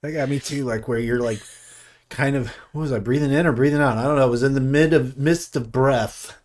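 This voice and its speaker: A man co-hosting a live painting stream, chatting casually in a slow, meandering way with many hesitations. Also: mid-range voice, a little mellow. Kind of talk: casual chat.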